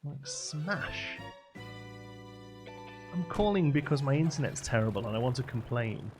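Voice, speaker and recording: A man's voice: medium pitch, expressive, fast, a little mellow. Chatty man streaming a game. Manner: rambling, chatty, laughs often. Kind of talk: casual live-stream chat. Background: game music.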